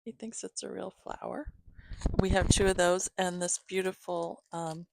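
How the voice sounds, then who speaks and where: A woman hosting her own channel, chatting casually with viewers as she shows gifts, giggling often and filling pauses with "um". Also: lowish voice, little pitch movement, creaky, background noise. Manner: chatty, giggly, many fillers. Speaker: channel host reading to her cats. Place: home, reclining.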